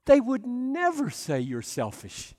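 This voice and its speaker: High-voiced, unhurried male preacher. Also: huge pitch swings, long reverb tail. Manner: earnest, emphatic, drops to soft low tones. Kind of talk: sermon.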